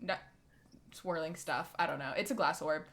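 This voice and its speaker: Woman DM, bright tone, chatty rambling scene narration. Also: low voice, moderate pace. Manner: descriptive, rambling, lots of likes and ums. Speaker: dungeon master. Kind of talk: narrating a tabletop game.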